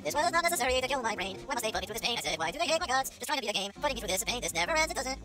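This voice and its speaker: Man doing let's-play commentary, chipmunk-sped voice, bouncy and fast, sings silly ditties over game music. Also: very high-pitched, sing-song. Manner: goofy, rambling, sings made-up ditties. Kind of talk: casual gameplay commentary.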